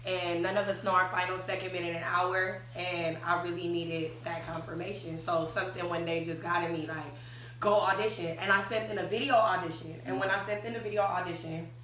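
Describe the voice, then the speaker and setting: A woman from South Central Los Angeles with a Los Angeles accent, a guest singer telling stories in lively talk-show chat with preachy comic asides. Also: on the low side, a little fast, roomy sound, far from the mic, a little hiss or hum, rough recording. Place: stage with live audience.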